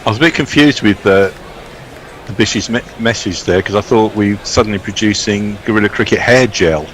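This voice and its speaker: A man's voice: lowish voice, a little fast, a bit bright, slight background noise, rough recording. A man chatting casually as a cricket co-commentator, rambling and stumbling over repeated words. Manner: rambling, hesitant, repeats words when starting. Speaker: co-commentator reading listener tweets. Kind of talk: casual commentary-box chat.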